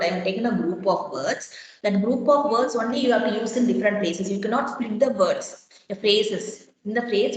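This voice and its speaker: A woman lecturer giving a classroom lesson, explaining step by step and quizzing her students with repeated questions. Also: mid-range voice. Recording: very echoey classroom.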